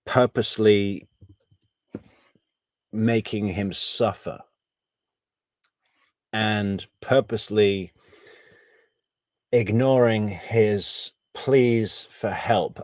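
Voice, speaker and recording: A man with a low voice talks through a case in casual commentary. He is measured, thinks out loud and drops wry asides. The sound is dry and close. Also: no room sound. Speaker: true crime commentator.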